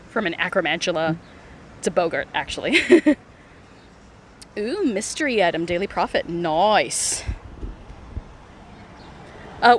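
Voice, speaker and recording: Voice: mid-range voice, fairly bright tone, a little hiss or hum. A streamer chatting casually while playing a mobile game live, walking outdoors through city streets with a phone. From United States. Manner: chatty, giggles often, many fillers.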